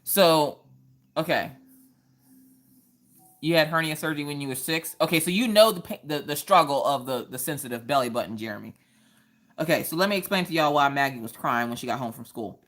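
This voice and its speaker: A woman, hosting a casual craft livestream chat and telling stories in an animated way. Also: low-pitched, fairly quick. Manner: animated storytelling, acts out quoted voices.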